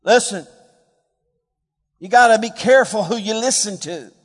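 A man preaching a sermon as a pastor, swinging between hushed, quiet passages and louder emphatic ones. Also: high voice, normal speed, in a large hall. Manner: dynamic preaching, dropping to hushed tones and rising for emphasis.

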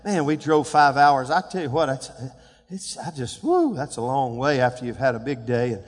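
A man in his sixties preaching a sermon as pastor, building to shouted calls and leading call-and-response with the congregation. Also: mid-range voice, moderate pace, in a large hall. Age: 60s. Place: church sanctuary.

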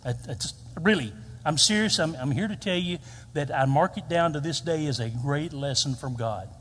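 A man's voice: animated, normal speed, fairly bright tone. A man, preaching a storytelling sermon and acting out quoted lines. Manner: storytelling, acts out quoted lines with big pitch jumps. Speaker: pastor. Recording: reverberant hall.

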